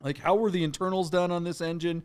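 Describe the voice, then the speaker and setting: A man's voice: high-pitched, fairly even intonation, fast talker, clear, resonant tone. A man co-hosting a casual car auction podcast, rambling and correcting himself with lots of fillers. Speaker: podcast co-host.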